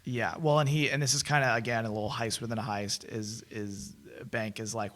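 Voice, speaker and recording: A man co-hosting a film podcast, recapping a movie in a lively, rambling way and laughing often. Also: medium pitch, a little fast. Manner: enthusiastic, laughs often, restarts phrases. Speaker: podcast co-host. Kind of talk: casual film review chat.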